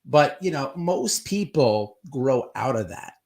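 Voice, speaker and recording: A man's voice: mid-range voice, expressive, darkish tone. Rambling, profane man hosting a stream. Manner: profane, rambling, quick to act out quotes. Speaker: streaming commentary host. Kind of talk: casual live-stream commentary.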